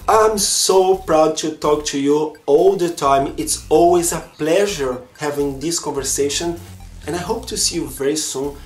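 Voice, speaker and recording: A man's voice: fairly high pitch, unhurried. A young Brazilian man whose first language is Portuguese talks earnestly to camera in a chatty vlog, with a Brazilian Portuguese accent. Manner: earnest and chatty, simple non-native phrasing. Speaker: vlogger. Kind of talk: casual talk to camera. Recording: echoey room with faint music.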